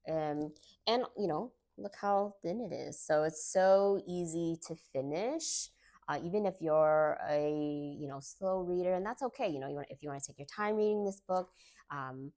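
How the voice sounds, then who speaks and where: A woman with a low-pitched voice talks to camera in a casual book review vlog. She is chatty and gushing, filling her talk with likes and ums. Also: moderate pace, dark tone. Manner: chatty and gushing, with many fillers.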